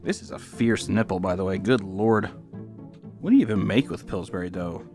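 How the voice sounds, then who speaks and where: A man chatting casually and crudely while he draws, excitable, keeps breaking into squeaky put-on voices. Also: moderate pace, soft background music. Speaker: YouTube artist and host. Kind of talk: casual commentary while drawing.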